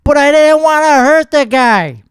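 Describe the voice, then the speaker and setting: A man's voice: very high voice, lively intonation, a little slow, no echo. A man hosting a comedic reaction podcast, mocking and swearing, exasperated and sarcastic. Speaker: podcast host reacting to a clip.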